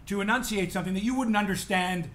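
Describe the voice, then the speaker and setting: A man's voice: high voice, fast talker, a crowd in the background. A middle-aged man co-hosting a podcast, telling a story in casual chat and acting out the announcers and other voices. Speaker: podcast co-host.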